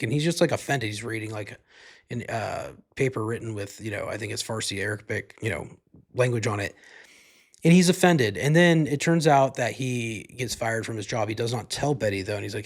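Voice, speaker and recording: A man's voice: lowish voice, fairly quick. A man hosting a podcast, giving a casual movie review in a rambling, profane way, full of "like" and "you know". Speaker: podcast host.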